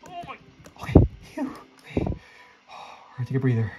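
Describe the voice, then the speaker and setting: A woman giving casual, excitable commentary while playing a game, talking to other players and squealing when she jumps. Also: rumbling low, moderate pace, very noisy. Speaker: gaming channel host.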